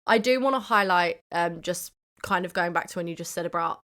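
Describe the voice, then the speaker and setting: A young woman from the UK co-hosting a film podcast in casual chat, playful and quick to laugh. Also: fairly low pitch, a bit bright. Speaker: podcast co-host.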